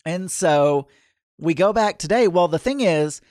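A man's voice: on the high side, expressive, a little slow, a little mellow, dry recording, clean studio sound. A man casually telling a long personal anecdote in a rambling way, full of fillers and restarts.

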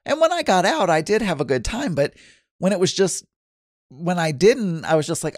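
A man hosts a relaxed solo podcast, reading out listener messages and chatting about them. His voice sits fairly high and swings up and down a lot. The sound is dry and close, with no room echo. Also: normal speed. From Arkansas. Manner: chatty and self-deprecating, with frequent laughs and restarts. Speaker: podcast host.

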